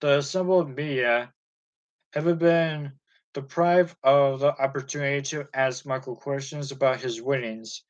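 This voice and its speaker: A man reading a music biography aloud chapter by chapter, in a steady and even manner. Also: medium pitch, a little slow, lo-fi sound. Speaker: audiobook reader.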